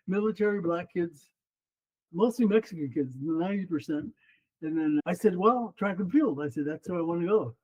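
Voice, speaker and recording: A man's voice: high-pitched, normal speed, husky, highs cut off. A man in his seventies, a former runner and coach, telling a story in an interview and acting out the other people in it. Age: 70s. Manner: animated, acts out quoted voices.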